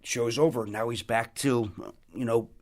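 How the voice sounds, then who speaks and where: Animated man telling comedy stories. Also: mid-range voice, a little slow. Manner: animated, bursts loud when quoting others; restarts and trails off often. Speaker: comedian guest. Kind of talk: casual podcast storytelling.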